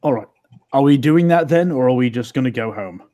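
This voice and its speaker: A man's voice: mid-range voice, animated, a little fast, mellow. A man playing a tabletop role-playing game in an easygoing, joking way, often thinking aloud. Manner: easygoing, joking, trailing off in thought. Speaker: player. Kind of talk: casual tabletop play.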